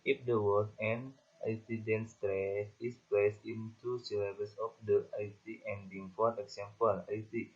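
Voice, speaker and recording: Low husky man with an Indonesian accent. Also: unhurried, hardly any pauses. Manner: reads lists of example words in a flat monotone. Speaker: student presenter. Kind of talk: reading word lists from a class presentation. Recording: dull lo-fi recording.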